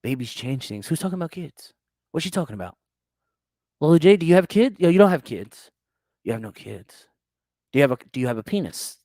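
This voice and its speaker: A man's voice: on the high side, big pitch swings, fairly quick, pauses often, mellow, dry recording, studio quality. A young man, hosting a crude, teasing podcast chat and laughing often. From United States. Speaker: podcast host. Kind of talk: casual chat reading live chat.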